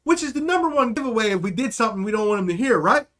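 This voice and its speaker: A man's voice: extremely high pitch, lively intonation, rapid-fire, a bit bright. A young man hosting a livestream, telling a rambling, profane story in casual chat, often checking in with "okay?". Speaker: livestream host.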